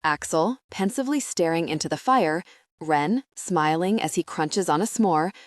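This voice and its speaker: A woman with a lowish voice reads a romance audiobook in first person. Her delivery is steady and even, and the recording is close and dry with no room sound. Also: normal speed, dry recording. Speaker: audiobook narrator.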